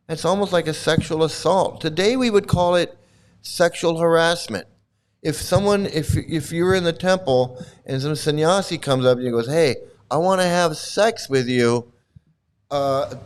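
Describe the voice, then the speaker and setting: An older man talks off the cuff in a fairly high voice, blunt and profane, circling back over his points with many restarts. It sounds like casual solo commentary. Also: clear, resonant tone.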